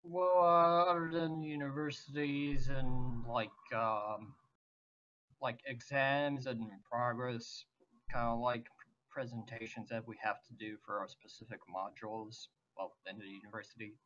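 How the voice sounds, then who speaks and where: A man's voice: mid-range voice, fairly even intonation, a little slow, fairly bright tone. A young man, a player in a tabletop game stream, chatting casually and hesitantly with lots of fillers. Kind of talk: casual chat. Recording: dull lo-fi voice chat.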